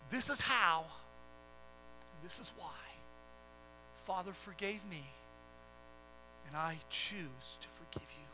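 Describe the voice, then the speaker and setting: A man voicing a gentle, forgiving middle-aged widow, speaking softly and low. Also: moderate pace, over music, close to an everyday voice, rough recording. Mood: tender. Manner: soft, calm and low.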